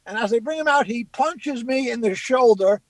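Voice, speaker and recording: High-voiced storytelling comedian. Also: male voice, moderate pace, dry recording, low-quality recording. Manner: animated anecdote-telling, acting out quotes. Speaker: comedian guest. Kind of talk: casual storytelling.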